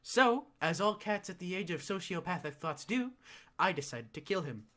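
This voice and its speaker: A man reading a story aloud, with an animated delivery full of sudden loud emphatic rises. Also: high voice, moderate pace. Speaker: reader.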